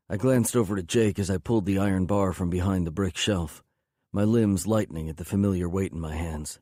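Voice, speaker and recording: A man's voice: low-pitched, fairly quick, dark tone, no room sound, studio quality. A man narrating an audiobook in first person, intense and brooding.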